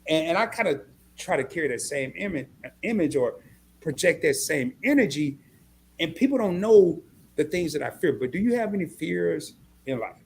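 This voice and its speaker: A man hosting a live-stream interview, who gets excited and reads viewer comments aloud as he talks. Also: on the high side, normal speed, creaky, a little hiss or hum.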